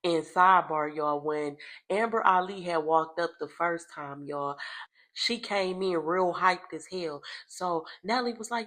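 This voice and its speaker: A young adult woman recapping reality TV in casual, profane gossip with dramatic loud outbursts. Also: mid-range voice, a little slow.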